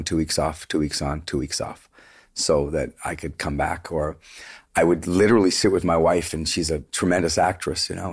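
A man's voice: low-pitched, husky. A middle-aged man, a touring singer, talking in an earnest, rambling way as an interview guest. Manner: earnest, rambling storyteller with many restarts. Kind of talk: casual interview conversation.

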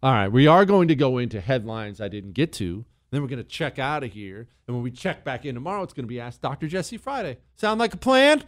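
A man hosting a talk radio show, wisecracking and taking callers with a lively, emphatic delivery. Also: brisk, few pauses. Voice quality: animated, wisecracking, swings pitch up for emphasis.

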